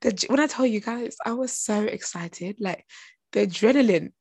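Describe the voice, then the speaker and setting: A young woman recapping a TV episode in a chatty vlog, animated and gossipy, acting out her own reactions. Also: on the high side, unhurried, husky, no echo. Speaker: TV show reviewer.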